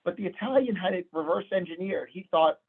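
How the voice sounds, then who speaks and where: Gravelly-voiced man advising on retirement. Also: high voice, fairly quick. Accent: Midwestern American. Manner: conversational, storytelling with quoted dialogue. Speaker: financial advisor. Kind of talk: presentation to clients. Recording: tinny phone-like audio.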